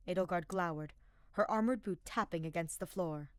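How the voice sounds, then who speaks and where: A woman's voice: on the low side, normal speed, clear, resonant tone, dry recording, studio quality. Woman narrating a story. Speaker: podfic reader. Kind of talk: audiobook narration of fan fiction.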